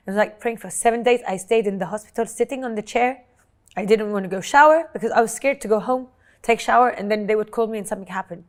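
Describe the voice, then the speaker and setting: A woman, telling her own life story as an interview guest in an earnest, halting way, often repeating words when moved. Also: mid-range voice. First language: French. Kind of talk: emotional personal storytelling. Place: Dubai.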